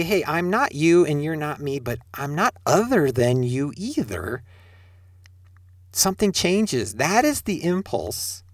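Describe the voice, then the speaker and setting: Lively-voiced man giving a sermon. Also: mid-range voice, no echo, studio quality. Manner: rhetorical questions, addresses listeners directly. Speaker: spiritual teacher. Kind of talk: sermon-style talk.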